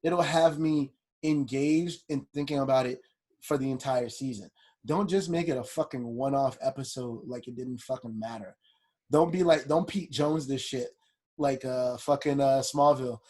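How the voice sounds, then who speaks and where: Profane, husky man telling stories. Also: medium pitch, moderate pace. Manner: profane, animated storytelling. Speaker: podcast co-host. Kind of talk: casual chat.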